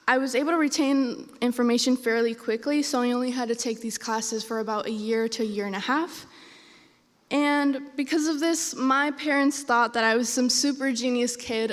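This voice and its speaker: Young woman storyteller, Spanish native, high voice, lively delivery, hall reverb. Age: young adult. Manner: animated, acts out dialogue. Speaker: student storyteller. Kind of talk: personal storytelling on stage. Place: college stage.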